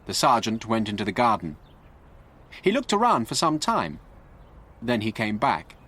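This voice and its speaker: A man narrating a graded story for English learners in a clear, deliberate way. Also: lowish voice, wildly swooping pitch, a bit bright. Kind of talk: slow scripted story narration.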